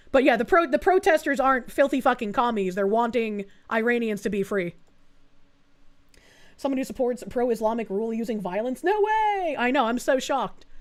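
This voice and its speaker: A woman streamer giving blunt, profane, sarcastic live reaction commentary. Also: a little high.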